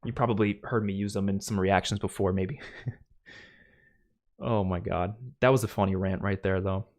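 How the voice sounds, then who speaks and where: A man's voice: low-pitched, steady tone, normal speed, a little mellow. A young adult man hosting a livestream, ranting casually and exasperated, with heavy use of "like" and frequent restarts. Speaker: livestream host.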